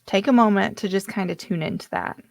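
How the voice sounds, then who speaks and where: Chatty woman coach with a gravelly voice. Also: mid-range voice, fairly quick, dry recording. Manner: chatty, loose and self-deprecating, loses her place in her notes. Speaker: personal development coach. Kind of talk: live online workshop teaching.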